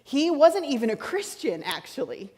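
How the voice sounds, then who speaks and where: A woman's voice: sits high, sing-song, moderate pace, darkish tone. A woman preaching a teaching-style sermon, chatty and explaining, repeating her key points. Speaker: pastor. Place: large church sanctuary. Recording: church hall reverb.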